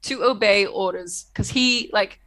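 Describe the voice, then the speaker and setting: A woman's voice: medium pitch, measured pace, fairly bright tone, poor audio. A woman co-hosting a casual podcast, rambling and swearing freely with frequent laughs. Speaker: podcast co-host. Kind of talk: casual chat about a TV episode.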